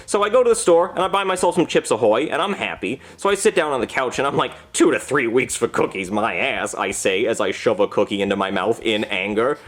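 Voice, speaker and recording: An actor playing a crude, violent, boastful police officer who tells long rambling stories in a puppet comedy. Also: male voice, mid-range voice, lively intonation, quick pace, few pauses, natural voice. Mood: blustering. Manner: rambling storyteller who flips between growling and shrieking.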